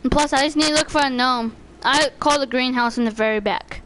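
A woman streaming a live game, chatting with teammates in casual slang and shouting urgent commands when excited. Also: sits high, a little fast, background noise. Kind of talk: live gameplay chat with teammates.

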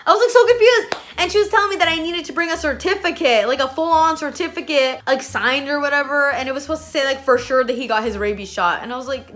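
Fast, high-voiced young woman ranting. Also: a bit bright. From Canada. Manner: chatty, exasperated, heavy use of "like". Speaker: vlogger. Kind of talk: storytime rant.

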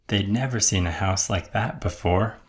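A man reading a rhyming picture book aloud for children at bedtime, gentle and rhythmic. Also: on the low side, normal speed. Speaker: children's storyteller.

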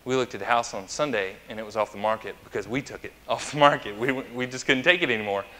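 A man's voice: mid-range voice, quick pace, bright, forceful tone. A male pastor preaching a conversational sermon, chatty and anecdotal, who asks the congregation questions. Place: church sanctuary. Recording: long church reverb.

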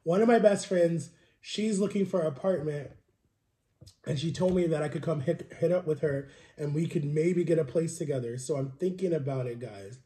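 A man's voice: a little high, moderate pace, warm tone, reverberant. A young man chatting casually while eating on camera, venting in a rambling, frustrated way while sick with a cold. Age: young adult. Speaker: vlogger. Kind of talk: casual mukbang vlog chat.

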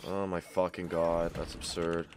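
A young man commentating his own gameplay, muttering one moment and yelling and cursing in frustration the next. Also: deep voice, monotone, unhurried, faint music behind. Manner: swings between mutters and yelled, cursing outbursts. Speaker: gaming YouTuber.

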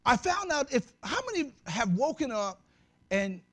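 A male pastor preaching a lively sermon in a very high voice that swings widely up and down. He talks to the congregation like a friend, mixing jokes with sudden shouts. It has the loose, conversational feel of a church sermon. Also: unhurried. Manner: animated, humorous preaching with shouted peaks; conversational, addresses the congregation directly.

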